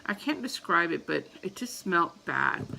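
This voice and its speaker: A woman's voice: lowish voice, big pitch swings, normal speed, gravelly, pushed and bright, a little hiss or hum, poor audio. A woman in her thirties telling a story casually to camera as a vlogger, acting out her own panicked reactions.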